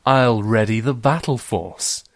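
A woman's voice: very deep voice, measured pace, no echo, studio quality. A man doing a teasing twin sister. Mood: mock-threatening. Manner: teasing, mock-innocent.

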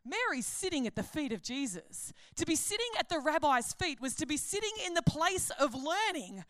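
A woman giving a sermon at a conference, chatty and animated, joking and laughing at her own stories. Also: high voice, moderate pace, no room sound, clean studio sound. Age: adult. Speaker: conference speaker, pastor.

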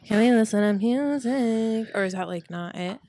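A woman's voice: a little high, normal speed, dark tone, no echo. Woman, 20, podcast guest, blunt, swears freely, dry close sound. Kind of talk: casual podcast chat.

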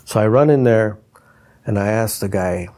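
This older man, once a trumpeter and instrument designer and now retired, speaks in a lowish voice at a moderate pace. He tells stories in an animated way, doing impressions of the people whose words he quotes.

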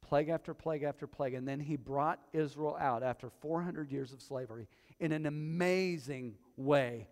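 A male pastor preaching in a church hall, his voice trailing into a long reverb. He sits a little higher than most men. He tells stories, dropping to quiet asides and then rising to loud, emphatic peaks. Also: normal speed. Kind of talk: sermon. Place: church hall before a congregation.

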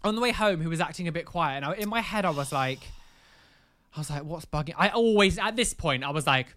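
A man's voice: a little high, lively intonation, fast, fairly bright tone. A man in a casual podcast chat, animatedly telling a personal story, quoting himself over and over and swearing freely. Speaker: podcast co-host.

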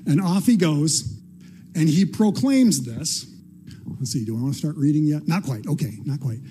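A man's voice: fairly high pitch, lively intonation, moderate pace, warm tone. A man preaching a sermon as pastor, retelling a story in a chatty, conversational way. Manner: chatty, conversational, acts out quotes in plain voice.

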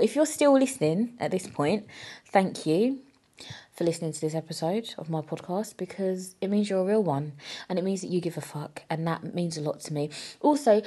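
A young woman hosting her own podcast, chatting casually and rambling, mocking herself, swearing freely and giggling. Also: lowish voice. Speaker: podcast host. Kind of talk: casual solo podcast outro.

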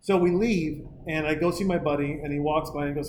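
High-voiced storytelling man, echoey room. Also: fairly even intonation, brisk, darkish tone, a little hiss or hum. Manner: rambling storyteller, swears, laughs often. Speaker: podcast host. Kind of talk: casual comedic chat.

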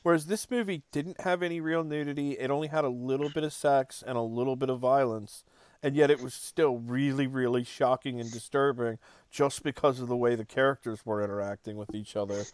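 A man co-hosting a podcast, chatting casually about a film, animated and acting out quotes with lots of "like". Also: mid-range voice, a little fast, no echo, studio quality. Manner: animated, acts out quotes, frequent "like". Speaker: podcast co-host.

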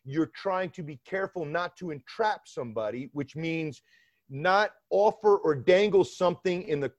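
A middle-aged man from Georgia with a New York accent, a former federal agent telling stories in an interview with emphatic, animated delivery. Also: on the high side, moderate pace, dry recording. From Atlanta area, Georgia. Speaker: former FBI undercover agent, guest. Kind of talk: interview conversation. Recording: dull lo-fi dry sound.

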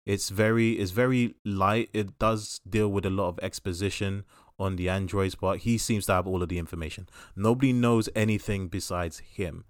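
Low-voiced man reviewing a film. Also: dry recording, studio quality. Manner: rambling, thoughtful, frequent fillers and restarts. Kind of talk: casual podcast chat.

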